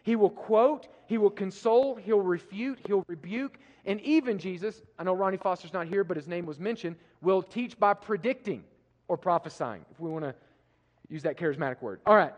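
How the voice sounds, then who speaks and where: A man preaching a sermon, emphatic, swinging from loud declarations to hushed passages. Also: high voice, normal speed, highs cut off. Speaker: pastor. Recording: live preaching with long hall reverb.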